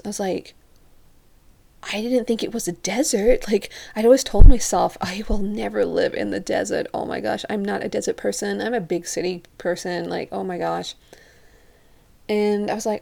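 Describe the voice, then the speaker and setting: Young woman from europe rambling casually, says like a lot, lots of fry. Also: medium pitch, fairly even intonation, moderate pace, mellow. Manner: chatty, says "like" constantly, acts out quotes. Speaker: vlogger. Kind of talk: casual storytelling to camera.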